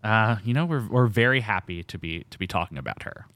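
A man's voice: lowish voice, lively intonation, fairly quick, a bit bright, no room sound. A man hosting a casual film podcast, rambling and enthusiastic, laughing often. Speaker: podcast host.

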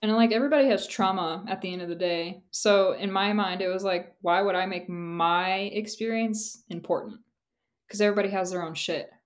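A woman's voice: medium pitch, a little fast. A young woman co-hosting a podcast in casual chat, candid and rambling, laughing often and filling her talk with "like". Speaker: podcast co-host.

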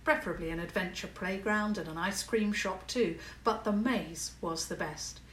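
A woman narrating a children's story in a calm, measured way. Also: mid-range voice, roomy sound, far from the mic, slight background noise, rough recording.

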